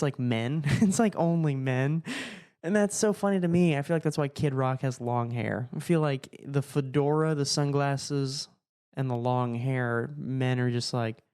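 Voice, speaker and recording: Man, podcast host, rambling comic monologue, swears freely, mellow relaxed tone. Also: on the high side. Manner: rambling, profane, self-interrupting, laughing at his own jokes. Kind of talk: solo comedic podcast monologue.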